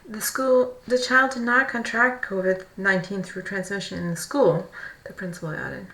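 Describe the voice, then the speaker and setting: Woman with a gravelly fry, roomy sound. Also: medium pitch, steady tone, bright, forceful tone. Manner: reads haltingly, stumbling and correcting herself. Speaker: streamer reading news aloud. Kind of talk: casual live-stream chat and reading aloud. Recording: roomy echo, faint background noise.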